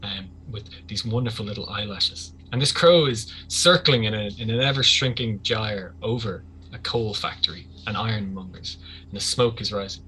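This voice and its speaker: Bright-voiced man narrating a game. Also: fairly low pitch, normal speed, slight background noise, rough recording. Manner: vivid, chatty narration with many ums. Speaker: game master.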